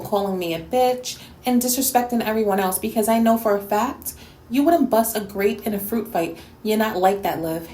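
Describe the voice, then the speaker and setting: A woman's voice: fairly high pitch, darkish tone, roomy sound. A woman from New York City hosting a response video, talking bluntly and scolding with plenty of sass. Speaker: YouTube reactor and host.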